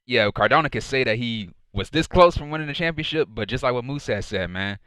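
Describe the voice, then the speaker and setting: Fan-reviewer guy, loose rambling recap, bright forceful tone, close and dry. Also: medium pitch, expressive, brisk, clean tone, no echo. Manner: rambling, heavy on "and so, yeah, man" fillers. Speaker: wrestling show reviewer. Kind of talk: casual recap commentary.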